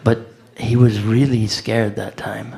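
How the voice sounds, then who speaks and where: Man, gravelly voice, casual animated storyteller. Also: lowish voice, slow. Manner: animated, acts out voices, conversational with "like". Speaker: devotee speaker. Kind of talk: anecdotal storytelling talk.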